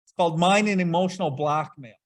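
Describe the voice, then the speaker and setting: A man's voice: on the high side, fast. Blunt, swearing man in recovery talk. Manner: blunt, heavy swearing, acts out his own past outbursts. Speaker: podcast host leading Big Book study.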